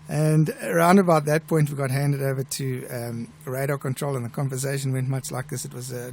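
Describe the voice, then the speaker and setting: A middle-aged South African man with a gravelly, fairly high voice hosts a live show. He tells stories in a chatty, relaxed way, with restarts here and there. There is a faint hiss under his voice. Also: a little fast. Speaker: airline pilot and show host. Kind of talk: live show chat and anecdote telling.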